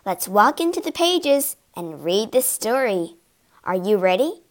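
A woman reads a children's storybook aloud, slow and inviting. Her pitch swings lively and high as she leans into the drama. She talks at an unhurried pace. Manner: expressive, slow and inviting, acting out the characters. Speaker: storybook narrator.

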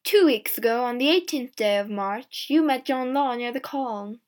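A calm, kind magistrate , as read by a woman, asks his questions slowly and carefully. He rarely lifts his voice, which sits a little high. He is a figure in a storybook. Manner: slow and careful.

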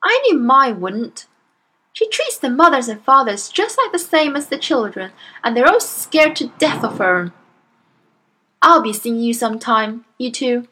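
A woman voicing a knowing older schoolgirl who trades wry, hushed asides in a storybook reading. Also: a little high, sing-song, a little slow, husky, heavily acted, rough recording.

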